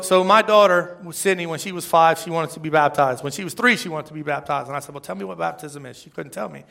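A man's voice: sits high, creaky, bright, forceful tone. A middle-aged man preaching a sermon in a church, in a conversational, self-deprecating way, often checking with his congregation. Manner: conversational, self-deprecating, asks the crowd "right?". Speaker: pastor. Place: church service before a congregation.

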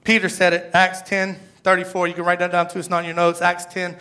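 A man's voice: high voice, completely flat delivery, fairly quick, pushed and bright. A middle-aged man preaching an earnest, emotional sermon with scripture readings. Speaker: pastor.

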